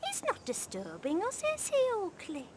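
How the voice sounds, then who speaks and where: A woman's voice: extremely high pitch, huge pitch swings, moderate pace, background noise, exaggerated voice. An actress voicing a chatty, gossiping middle-aged wife on holiday with a northern English accent, forever turning to her husband for agreement. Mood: gossipy. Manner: gushing, keeps prompting her husband. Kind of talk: video game voice acting.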